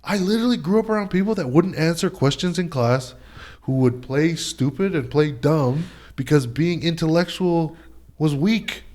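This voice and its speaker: A man's voice: a little high, normal speed, darkish tone. A young man talking casually as a podcast guest, loose and slangy, full of fillers and restarts. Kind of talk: casual chat.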